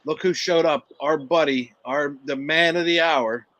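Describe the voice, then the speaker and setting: A man's voice: a little high, a little slow, fairly bright tone, dry recording. A man hosting a casual podcast, upbeat, reading out and thanking viewers' comments. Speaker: podcast host reading live chat. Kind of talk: casual chat.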